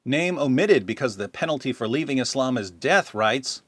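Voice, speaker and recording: Middle-aged male host, sarcastic and combative, lively pitch, dry close sound. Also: normal speed, no echo. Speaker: channel host. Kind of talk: commentary reading viewer comments.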